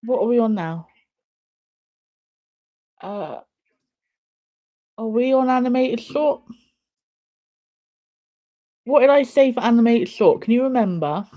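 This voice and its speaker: A woman's voice: on the high side, animated, slow pace, long pauses, mellow. Chatty woman streaming a watch party. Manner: chatty, swears, laughs and banters at the screen. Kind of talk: casual live-stream chat.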